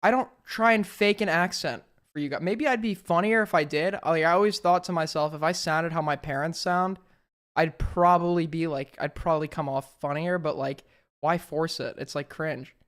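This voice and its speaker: A man from New York streaming, reacting to a clip with animated, swearing, laughing commentary. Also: fairly high pitch, moderate pace.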